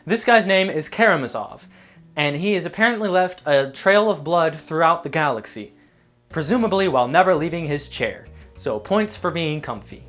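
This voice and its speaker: A young man riffs through a comedic ranking with quick, sarcastic asides. His pitch jumps around a lot as he jokes. Faint music plays under his voice. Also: expressive, a bit bright. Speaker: youtuber.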